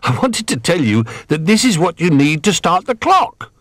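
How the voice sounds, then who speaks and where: A man's voice: on the high side, sing-song, moderate pace, fairly bright tone, no echo, pitched above the performer's own voice. A man doing a cheerful polite toy doll.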